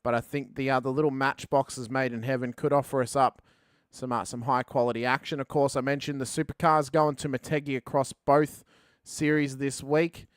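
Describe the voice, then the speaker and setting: A man calling a sim race as play-by-play commentator, rising to excited calls at the finish. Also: medium pitch, moderate pace, clean tone, dry recording, clean studio sound.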